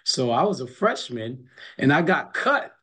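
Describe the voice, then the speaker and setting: A man's voice: mid-range voice, sing-song, unhurried, bright, forceful tone, husky. A middle-aged man, a college basketball coach, telling stories emphatically in a casual interview and repeating words as he builds a point.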